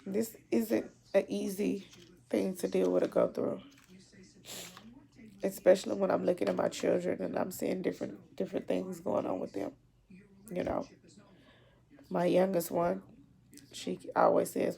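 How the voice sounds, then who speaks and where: Woman, gravelly, mellow and dark, emotional, halting, repeats herself, video diary. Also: fairly low pitch, level tone. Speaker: mother.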